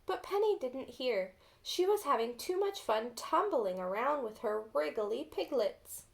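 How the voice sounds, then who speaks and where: Gentle high-voiced woman reading to children. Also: expressive, measured pace, creaky, hardly any pauses. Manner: gentle, asks children questions. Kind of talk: children's storybook read-aloud.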